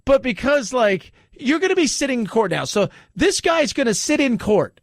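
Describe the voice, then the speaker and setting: A man's voice: very high voice, normal speed, dry recording, studio quality. A man hosting a talk radio show, commenting animatedly and mockingly on the news. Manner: animated, mocking, jumps into exaggerated quoted voices.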